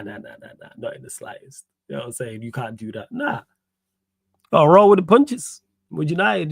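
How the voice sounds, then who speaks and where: A man's voice: fairly high pitch, creaky, dry recording. A young man hosting a solo football Q&A stream, chatting casually in slang and riffing on viewer comments. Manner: casual, slangy, laughs and riffs while reading comments. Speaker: host.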